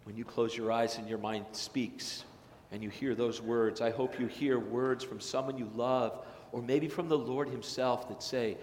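A man's voice: mid-range voice, normal speed. A middle-aged male pastor preaching a sermon in a church, earnest and building to emphatic declarations. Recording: echoey church hall.

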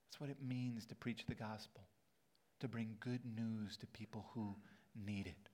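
A man's voice: lowish voice, steady tone, a little slow, darkish tone. A man preaching a sermon as pastor in a church sanctuary, earnest and building to emphatic peaks.

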